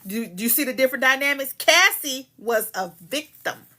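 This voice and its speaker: A woman's voice: high-pitched, lively intonation, normal speed, sharp tone. A woman hosting a podcast, reading a legal filing aloud and breaking off into profane, heated commentary. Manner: profane, heated, emphatic asides between read passages.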